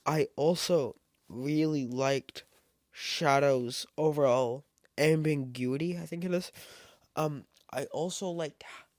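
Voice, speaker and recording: A man giving a casual spoken film review, halting and full of fillers and restarts. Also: medium pitch, no room sound, studio quality. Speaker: movie reviewer.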